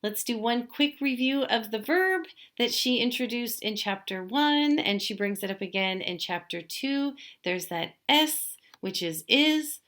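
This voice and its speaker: A woman teaching a language lesson, explaining patiently step by step and slowly drawing out example words. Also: on the high side, lively intonation, fairly bright tone. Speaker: Spanish teacher.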